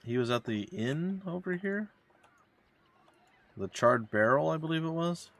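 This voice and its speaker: A man's voice: fairly high pitch, expressive, unhurried, fairly bright tone. A man giving casual, wry commentary while playing a game and reading its dialogue aloud. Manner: wry, joking asides. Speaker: let's play gamer.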